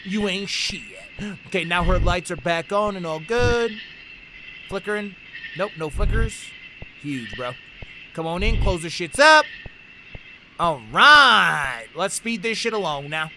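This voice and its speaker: Excitable man yelling at a horror game. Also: sits high, measured pace, background noise. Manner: excitable, swears a lot, bursts into shouts; reads game text aloud between reactions. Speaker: let's play gamer.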